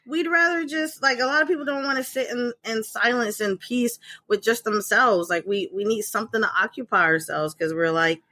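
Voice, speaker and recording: A middle-aged woman hosts a casual podcast conversation, talking at length and wandering between thoughts. Her voice sits fairly high, with a bright, forward edge. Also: moderate pace, few pauses, no room sound. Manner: animated, talkative, rambling. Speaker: podcast host. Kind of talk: casual chat.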